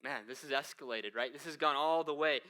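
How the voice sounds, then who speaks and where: A man's voice: medium pitch, fairly quick, bright, forceful tone. A male lead pastor preaching a conversational sermon, full of rhetorical questions and emphatic asides.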